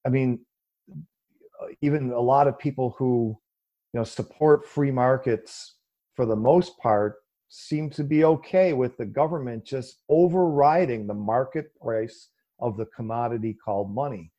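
In a lo-fi recording, an unhurried man appears as a guest explaining economics, giving a long, conversational answer to an interview question. He's animated and uses many fillers, occasionally ridiculing opposing views by imitating them in a raised voice.

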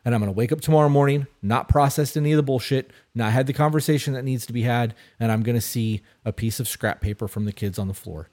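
A man's voice: mid-range voice, fast, hardly any pauses, mellow. A man in his thirties co-hosting an advice podcast, talking casually and bluntly, swearing and repeating himself for emphasis. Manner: blunt, profane, repetitive. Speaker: podcast co-host.

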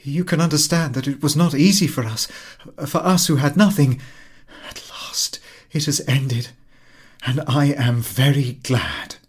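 A man's voice: medium pitch, steady tone, slow pace, slightly rough. Man voicing a worn, proud working woman. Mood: earnest.

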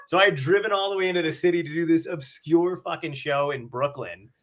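A man's voice: fairly high pitch, brisk, a bit bright. A man hosting a casual chat, telling a comedy story with loose swearing and acted-out quotes. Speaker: podcast host, comic.

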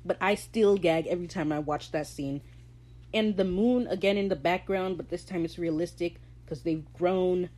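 A woman hosting a casual solo podcast recap, chatting in a gushing, excitable fan manner. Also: on the low side, moderate pace, poor audio. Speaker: podcast host.

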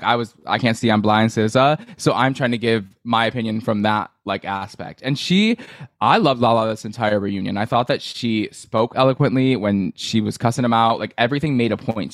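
A man talking over a reality-TV recap in a blunt, profane, gossipy way. His voice sits at a middle pitch and sounds dry, close and unreverberant. He speaks casually, with plenty of fillers. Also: no room sound. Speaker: podcast co-host. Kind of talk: casual chat.

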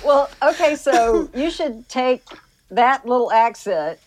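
A woman's voice: fairly high pitch, animated, slow pace, low-quality recording. Teasing Southern-accented woman. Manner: teasing, sarcastic, dry humor. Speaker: guest. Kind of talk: casual chat.

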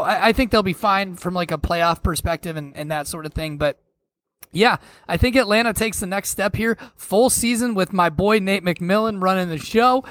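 A man's voice: sits high, a bit bright, no room sound. A man co-hosting a podcast, chatting casually and animatedly about basketball predictions, laughing easily and swearing now and then. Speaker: podcast co-host. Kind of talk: casual sports chat.

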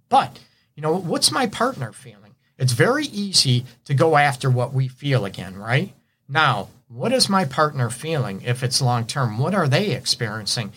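His voice is a little high and sing-song, a bit bright and slightly rough, moving at a moderate pace. A couples counselor from around Detroit, he hosts a relationship advice show, chatting through the subject and leaning on "right?" and "you know."

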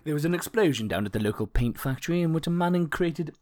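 A man's voice: fairly high pitch, lively intonation, quick pace, dark tone. A man co-hosting a comedy podcast, giggly and riffing, swearing freely. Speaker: podcast co-host. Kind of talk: casual comedic podcast banter.

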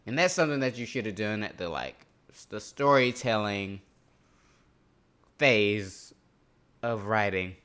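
Laughing, animated man chatting casually. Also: on the low side, unhurried, pauses often, smooth. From North Carolina. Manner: animated, joking, swears freely, laughs often. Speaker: podcast co-host. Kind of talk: casual chat.

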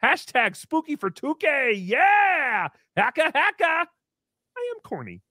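A man hosting a comedic livestream, thanking members in a goofy, animated manner. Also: very high-pitched, takes it slowly, no echo, clean studio sound. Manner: goofy, animated, swinging between squeals and mumbles. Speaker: livestream host. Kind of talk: comedic live-stream chat.

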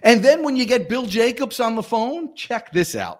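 A man's voice: very high voice, normal speed, hardly any pauses. A man, a sales coach talking animatedly and acting out phone calls in a guest interview. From Southern United States. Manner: lively, acts out phone calls in different voices.

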